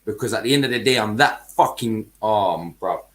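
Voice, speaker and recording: A man's voice: on the low side, expressive, normal speed. A man hosting a football podcast, ranting heatedly in casual chat, swearing and using heavy street slang.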